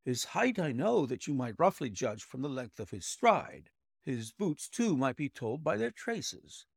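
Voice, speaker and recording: A man voicing a brilliant, precise male detective explaining his deductions in a measured way. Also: medium pitch, sing-song, creaky, slightly rough, dry recording, clean studio sound, exaggerated voice.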